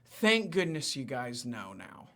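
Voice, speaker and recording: Excitable bright-voiced man telling history. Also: medium pitch, slow pace. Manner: excitable, rambling, with many fillers and apologies. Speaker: guest, history podcaster. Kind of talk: excited storytelling in casual chat.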